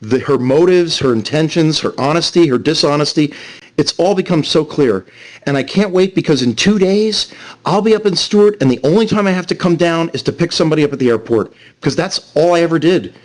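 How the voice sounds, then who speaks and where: A man's voice: on the high side, brisk. A man ranting scornfully over a voice call, repeating himself as he goes on. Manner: animated, repetitive, scornful rant. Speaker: streamer on a voice call.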